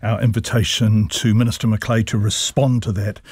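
A man hosting a morning radio interview, asking brisk, probing questions. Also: fairly low pitch, little pitch movement, darkish tone, slightly rough, no echo.

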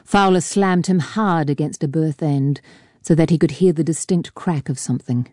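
A woman reading a novel aloud in a measured, even narration on a close mic. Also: deep voice, no echo. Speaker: audiobook narrator. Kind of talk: scripted narration.

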